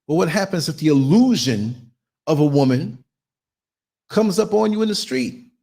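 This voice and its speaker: A man hosting his own podcast alone, holding forth in a blunt, preachy monologue. His voice is husky and sits fairly high for a man, and he slips into the voices of the people he quotes. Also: very animated, moderate pace, mellow. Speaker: podcast host.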